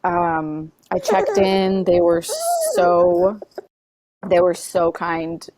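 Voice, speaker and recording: A woman guest on a podcast tells a personal story in earnest, halting talk filled with "like" and "you know." Her voice is fairly low and mellow, with fairly even intonation, and there is no room sound.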